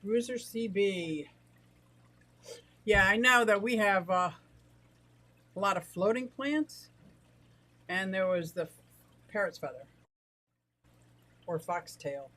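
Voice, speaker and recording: A middle-aged woman from the United States, out of breath and excitable, chatting casually on a livestream about her fish and greeting viewers. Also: medium pitch, slow pace, pauses often, rough recording. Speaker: aquarium and exotic pet livestreamer.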